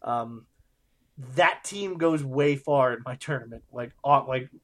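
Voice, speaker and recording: A man co-hosting a podcast in casual chat, animated and jokey, with bursts of excitement. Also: medium pitch, measured pace. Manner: animated, jokey, trails off with fillers. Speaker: podcast co-host.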